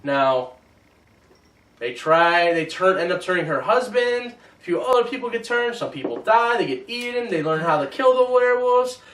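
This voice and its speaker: A man hosting a casual movie review chat, animated and teasing. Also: sits high, moderate pace. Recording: roomy echo, mic at a distance.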